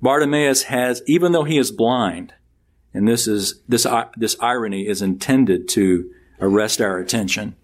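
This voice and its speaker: A man preaching a sermon, reading scripture aloud and explaining it with lively rises and drops in pitch. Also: normal speed. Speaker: pastor.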